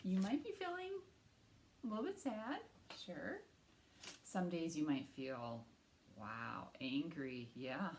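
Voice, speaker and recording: A woman, a children's librarian, leads a storytime from her home, talking to young children in an animated, encouraging way. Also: sits low, slow, slight background noise.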